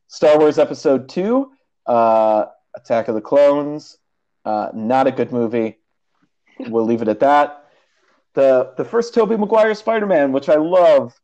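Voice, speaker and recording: A man's voice: mid-range voice, warm tone. A young man co-hosting a podcast, chatting casually and rambling with frequent laughs. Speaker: podcast co-host. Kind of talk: casual chat. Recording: dull lo-fi audio.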